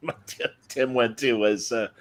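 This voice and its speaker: A man's voice: medium pitch, fairly even intonation. Chuckling man telling an anecdote. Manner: chuckling, quick reactions. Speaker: comic shop podcast co-host. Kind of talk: casual storytelling chat.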